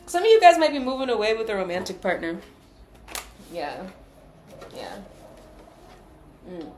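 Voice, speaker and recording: A woman's voice: medium pitch, wildly swooping pitch, unhurried, darkish tone, reverberant, slight background noise. A woman giving a casual tarot reading, chatty, loose and full of profanity. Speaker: tarot card reader.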